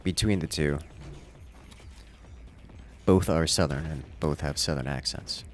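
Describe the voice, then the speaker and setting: A man's voice: very deep voice, a little slow, faint music behind. A man hosting a casual gaming livestream, musing aloud as he plays and answers chat. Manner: musing aloud while playing, reading chat. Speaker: livestream host.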